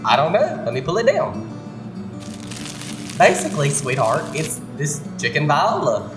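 A woman voicing a weary, poor mother who soothes her hungry child in a hurried way. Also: low-pitched, wildly swooping pitch, echoey room, music in the background, voice pushed down, full character voice. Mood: soothing.

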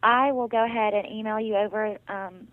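A woman's voice: medium pitch, steady tone, moderate pace. An upbeat, accommodating woman receptionist heard over a thin, phone-like line. She speaks in a friendly, helpful way throughout the call.

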